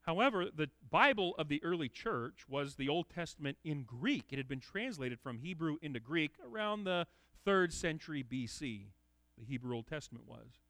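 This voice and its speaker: A man's voice: fairly high pitch, animated, normal speed, pushed and bright, dry recording. A man giving an expository sermon in an earnest, emphatic way, often repeating words as he restarts. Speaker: preacher.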